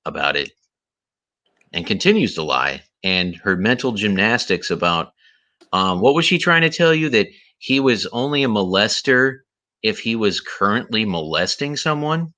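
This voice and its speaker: A man's voice: fairly low pitch, lively intonation, normal speed, pushed and bright. A man hosting a livestream, ranting indignantly and repeating himself, with a voice he says is tired. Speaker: livestream host. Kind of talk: heated commentary livestream.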